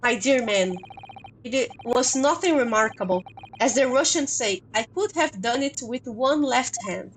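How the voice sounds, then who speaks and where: A woman's voice: fairly high pitch, lively intonation, normal speed, slight background noise, close to an everyday voice, low-quality recording. A woman voicing a boastful, grandiose male detective as she reads game dialogue aloud. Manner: grandiose, theatrical.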